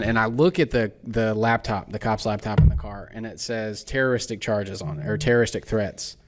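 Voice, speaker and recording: A man in his twenties, a podcast co-host, telling a personal story in a casual, animated way and acting out the people in it. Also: mid-range voice.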